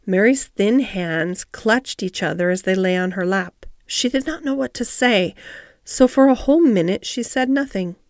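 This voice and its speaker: Calm woman reading a classic storybook. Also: medium pitch, no echo, clean studio sound. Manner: calm, measured, descriptive reading. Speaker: audiobook narrator. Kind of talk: scripted storybook narration.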